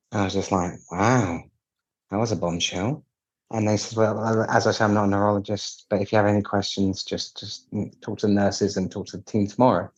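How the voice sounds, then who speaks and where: A man from the UK talks through his story with wry candor, slipping into the voices of people he quotes. His voice sits low and has a husky, breathy edge. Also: steady tone, a little fast, muffled recording. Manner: candid, wry, acts out quoted dialogue with restarts. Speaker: piano technician guest. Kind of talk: casual storytelling interview.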